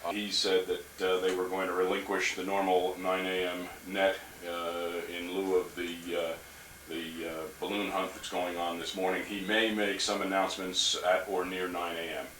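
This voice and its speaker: A man acting as net control on an amateur radio net, polite and measured, with frequent hesitations. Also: low voice, little pitch movement, fairly bright tone, slight background noise. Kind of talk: procedural radio net talk. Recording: echoey room, camcorder from far off.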